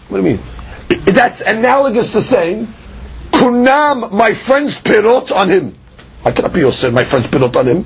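High-pitched breathy man teaching Talmud. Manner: explains in question-and-answer, swings pitch and pace for emphasis. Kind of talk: Talmud study lecture.

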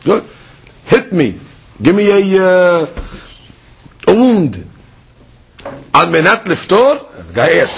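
A man teaching a daily Talmud class in a lively, conversational way, moving between the texts and plain explanation. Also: sits high, slow pace, creaky, long pauses, husky.

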